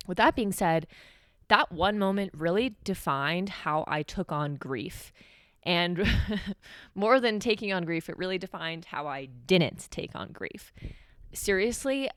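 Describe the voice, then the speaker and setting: Candid young woman, low smooth voice. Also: fairly bright tone, dry recording, studio quality. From New Mexico, USA. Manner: candid, conversational, heavy use of "like". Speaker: podcast host. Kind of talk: solo podcast storytelling.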